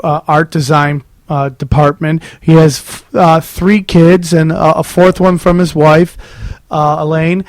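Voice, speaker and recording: A man's voice: a little high, steady tone, measured pace, no echo. Rambling, emphatic man with a dry sound. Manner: rambling, emphatic storytelling with many fillers. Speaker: stand-up comedian, podcast guest. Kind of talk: casual podcast chat. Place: comedy club.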